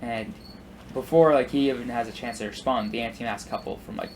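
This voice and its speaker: A gaming YouTuber in his twenties rambles casually through work stories while playing a video game, his speech full of "like" and restarts. His voice is medium-pitched, steady and darkish, fairly quick, with slight background noise.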